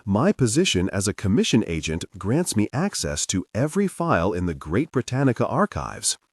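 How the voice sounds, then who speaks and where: A plain-spoken male agent talks in a steady, matter-of-fact tone, as a male narrator voices him. The voice is low and husky, recorded close and dry. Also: normal speed, no room sound, exaggerated voice. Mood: formal. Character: earnest male government agent.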